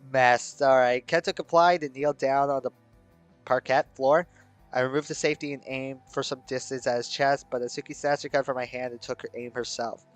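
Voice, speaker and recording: Brief: male streamer narrating a game, clean dry close-mic, quick shocked asides. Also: mid-range voice, clear, resonant tone, dry recording. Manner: shocked, incredulous outbursts between narration. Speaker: YouTuber reading a game story aloud. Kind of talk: dramatic reading with reactions.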